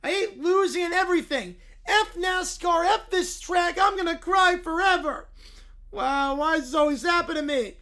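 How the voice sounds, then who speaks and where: A man voicing a bratty young boy in a furious tantrum, whining, shouting and tearful as he reads a story in character. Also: very high voice, moderate pace, voice pushed up, exaggerated voice. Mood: whiny tantrum. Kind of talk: reading an AI-written story in character.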